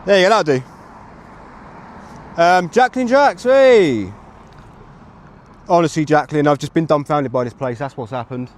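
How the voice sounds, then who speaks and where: An Englishman in his thirties livestreams from a street, chatting and rambling to his audience through a phone mic as traffic noise runs in the background. His voice is a little high with lively intonation, and he talks at normal speed with frequent pauses.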